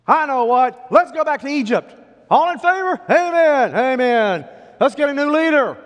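A man's voice: extremely high pitch, lively intonation, moderate pace, voice pushed up. A man voicing a panicked crowd of ancient Israelites, whining and wailing in a melodramatic way. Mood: mocking. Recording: long hall reverb.

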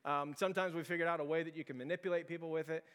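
A rapid, slightly high-voiced male pastor preaching in a casual, conversational way. His words echo through a large hall, and he leans on fillers and quick asides. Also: fairly even intonation, fairly bright tone, clean tone. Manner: conversational, storytelling, lots of fillers. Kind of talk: sermon.

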